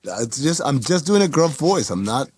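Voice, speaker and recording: A man's voice: on the high side, very animated, moderate pace, darkish tone, breathy edge, no echo. A man co-hosting a casual movie podcast in a laid-back way, thinking aloud as he goes. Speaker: podcast co-host.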